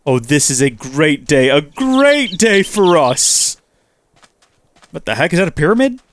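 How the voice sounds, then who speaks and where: Lively man narrating his gameplay. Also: a little high, normal speed, a little hiss or hum. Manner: animated, exclaims and talks to himself while playing. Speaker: gaming channel host. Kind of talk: let's play commentary.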